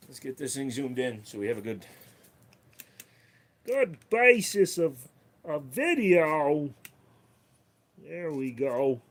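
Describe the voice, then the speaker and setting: A man's voice: mid-range voice, big pitch swings, takes it slowly, long pauses. A man chatting casually on his livestream, playful and swearing freely, slipping into silly voices. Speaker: streamer.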